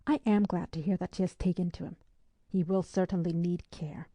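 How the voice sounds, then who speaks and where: A woman's voice: fairly low pitch, fairly even intonation, moderate pace, mellow, dry recording, dull audio. A woman voicing a grim, curt naval captain in an audiobook, speaking in clipped, serious tones. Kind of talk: audiobook character reading.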